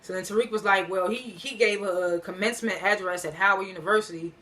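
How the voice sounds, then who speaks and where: Brisk and fairly bright at medium pitch, this TV episode reviewer gives a loose, slangy rundown of an episode. She paraphrases scenes as rough quotes, wanders off, fills pauses often, and corrects herself as she goes.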